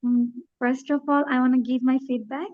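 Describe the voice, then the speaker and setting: Polite high-voiced woman student. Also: fairly even intonation, moderate pace. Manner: polite, formal greetings. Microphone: video call. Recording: dull lo-fi call audio.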